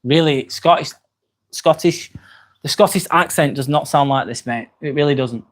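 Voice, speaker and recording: An Englishman hosts a laid-back live stream from his phone, voice sitting a little high for a man. He rambles comfortably, filling pauses with ums. He reads out viewer messages and answers them with the odd casual curse. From England. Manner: chatty and relaxed, with frequent ums and casual swearing.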